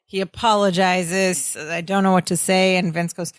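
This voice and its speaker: A woman's voice: fairly low pitch, normal speed, clean tone, no room sound. A woman co-hosting a podcast, casually recapping a sitcom episode and chiming in with short agreements. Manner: relaxed, laughs along, chimes in with short agreements. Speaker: podcast co-host.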